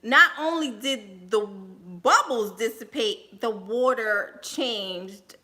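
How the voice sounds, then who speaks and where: A woman tells a personal story on a casual livestream. Her voice sits high and bright, and she takes her time. She laughs often and speaks straight to her viewers. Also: slow pace.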